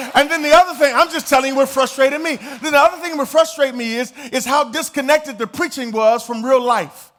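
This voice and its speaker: High-voiced pastor preaching with fervor. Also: male voice. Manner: emphatic, conversational preaching that builds to shouts. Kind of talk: sermon.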